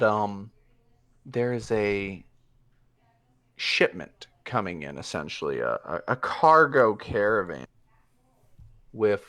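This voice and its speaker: A man voicing a secretive masked male criminal contact who speaks in a measured, deliberate way. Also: lowish voice, a bit bright, full character voice.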